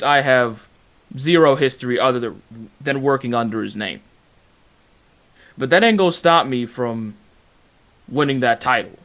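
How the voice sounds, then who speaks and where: A man's voice: a little high, a bit bright. A man giving a boastful, confident trash-talk promo at a wrestling league press conference, growing heated and defensive when challenged.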